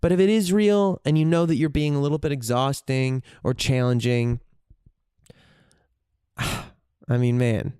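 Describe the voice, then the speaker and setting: A man's voice: mid-range voice, steady tone, a little slow, pauses often, warm tone, clean tone, no room sound, studio quality. A man hosting a solo podcast, talking candidly and profanely as he thinks aloud, often restarting his sentences. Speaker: podcast host. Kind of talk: reflective solo podcast monologue.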